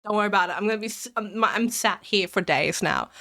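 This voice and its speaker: A woman's voice: mid-range voice, fast, sharp tone. A woman streamer chatting casually to her viewers, rambling and giggly, while sick with a cold. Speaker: live streamer. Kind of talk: casual live-stream chat.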